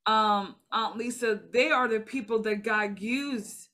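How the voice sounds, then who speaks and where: A woman hosting a casual faith conversation, earnest and reflective, growing animated as she speaks. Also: on the high side, slow.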